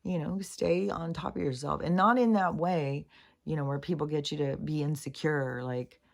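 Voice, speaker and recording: A woman's voice: sits low, normal speed, creaky. A middle-aged woman talking through a meandering spiritual monologue, earnest and casual, with swearing and many fillers. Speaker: spiritual vlogger.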